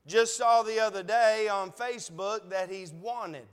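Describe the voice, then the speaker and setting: A man's voice: high voice, steady tone, unhurried, clear, resonant tone. A man preaching a sermon in an earnest, conversational way, asking repeated rhetorical questions. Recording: long reverb of a large hall.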